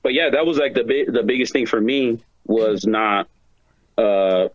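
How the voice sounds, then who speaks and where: A man's voice: mid-range voice, measured pace, muffled recording. A man as a podcast guest, chatting in a laid-back way and often saying "dude" and "you know". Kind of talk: casual chat.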